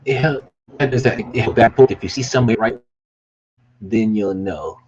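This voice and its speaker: Over a crowd in the background, a man with a fairly low voice speaks at a normal speed in a lo-fi vlog about his business merch. He rambles casually, gets hyped, swears at times, and bursts into excited yells.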